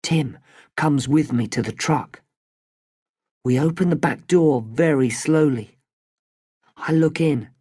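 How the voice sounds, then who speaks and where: A storybook narrator reading at a slow, deliberate pace, each sentence clear and separate. The pitch sits in the middle range with a steady delivery. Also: no room sound, studio quality. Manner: slow, clear, evenly paced.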